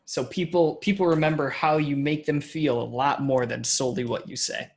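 A man's voice: on the high side, steady tone, moderate pace, creaky. A man hosting an interview, asking follow-up questions and summing up what his guest says. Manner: curious, affirming, summarizes the guest. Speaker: podcast host. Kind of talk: conversational interview.

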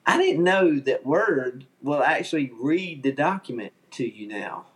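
A man's voice: fairly high pitch, expressive, measured pace. A man with a Southern accent, a podcast guest telling stories in an easygoing way and chuckling often. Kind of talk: casual chat.

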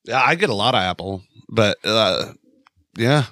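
A man co-hosting a casual podcast, goofy and quick to laugh. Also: lowish voice, lively intonation, no echo, clean studio sound. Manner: goofy, laughs often, bursts into silly shouts. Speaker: podcast co-host.

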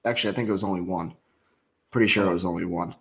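A man's voice: low-pitched, rapid-fire. A man co-hosting a podcast in casual chat, easygoing, laughing along and stumbling over his words. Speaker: podcast co-host.

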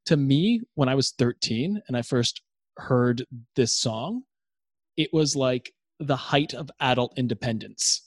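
A man's voice: medium pitch, animated, unhurried, breathy edge, no echo. Man from Canada explaining, dry close sound. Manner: explanatory, fan-like detail. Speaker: podcast co-host. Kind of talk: casual chat.

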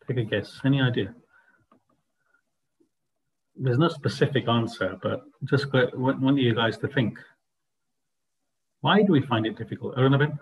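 Guy leading a spiritual class, earnest and emphatic, mid pitched voice. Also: moderate pace, pauses often, low-quality recording. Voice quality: earnest, emphatic, rhetorical questions. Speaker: spiritual teacher leading a group discussion. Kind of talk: class discussion lecture.

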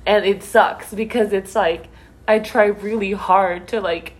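A woman's voice: medium pitch, fairly even intonation, measured pace. A young woman hosting a casual chat, talking earnestly and emotionally, close to tears. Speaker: host.

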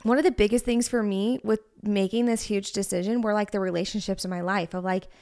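A woman's voice: mid-range voice, fairly even intonation, brisk, darkish tone. A woman in her thirties co-hosting a podcast, talking candidly and personally, with lots of "like" in her casual chat. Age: 30s. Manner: chatty, heavy use of "like", candid and personal. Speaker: podcast co-host.

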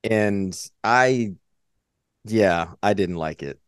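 A man's voice: fairly low pitch, extremely slow, clear, resonant tone, no echo, studio quality. A man co-hosting a podcast, retelling game scenes in casual chat and acting out the characters' lines. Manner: animated, acts out characters' lines while retelling. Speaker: podcast co-host.

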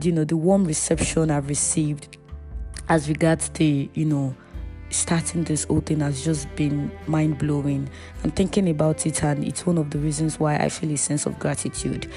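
Young woman chatting on her podcast, low gravelly voice, soft music under it. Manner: chatty and heartfelt, addresses listeners as "you guys". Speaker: podcast host. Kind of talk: casual faith podcast monologue.

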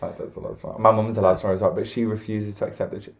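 A man's voice: lowish voice, flat delivery, rapid-fire, a crowd in the background. A man co-hosting a podcast, telling stories in a casual chat and laughing often. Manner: laughing storyteller, acts out screams. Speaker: podcast co-host.

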